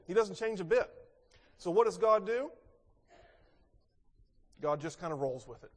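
A man with a high-pitched voice delivers a sermon, posing rhetorical questions and swinging from emphatic to hushed. His voice carries a long reverb, as if from a large hall. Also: unhurried, pauses often. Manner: expressive, rhetorical questions, swings between loud and soft. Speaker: pastor.

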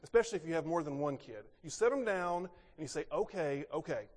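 A pastor preaching a sermon, asking rhetorical questions and moving between emphatic and quiet delivery. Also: male voice, fairly high pitch, fast talker. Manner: expressive, rhetorical questions, swings between loud and soft. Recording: long reverb in a large hall.

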